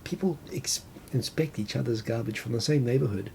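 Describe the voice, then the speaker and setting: A middle-aged New Zealand man hosts a casual live talk show, his accent softened after years abroad. His voice is gravelly and dark, and he rambles through a list with lots of restarts and asides. A faint rumble sits under the recording. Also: brisk.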